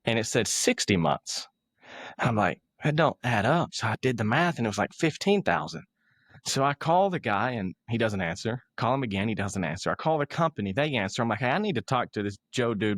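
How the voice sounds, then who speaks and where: A man's voice: fairly low pitch, expressive, fairly quick, fairly bright tone, no echo, studio quality. Man telling a self-mocking story. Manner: self-mocking, laughs at himself, acts out other people's lines. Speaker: motivational speaker, podcast guest. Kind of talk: casual storytelling interview.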